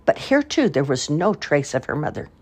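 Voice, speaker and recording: Older woman, storybook reading, lively, expressive, low husky voice. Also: normal speed. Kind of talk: reading a children's book aloud.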